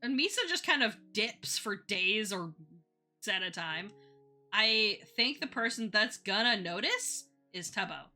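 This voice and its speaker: A woman's voice: medium pitch, big pitch swings, bright, forceful tone, faint music behind. A woman streamer chatting casually while she draws, rambling and giggling between thoughts. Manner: retells others' lines in quick playful voices. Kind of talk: casual chat while drawing on a live stream.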